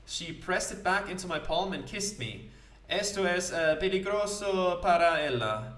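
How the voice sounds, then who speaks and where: A man's voice: high voice, lively intonation, moderate pace, fairly bright tone, pitched above the performer's own voice. A wistful young Spanish seaman, romantic and lilting, lifting his words with a raised, sing-song voice, as a man puts him on. He speaks with a put-on Spanish accent. The sound is roomy and taken from a distance. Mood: passionate. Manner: passionate, lilting, sprinkled with foreign phrases.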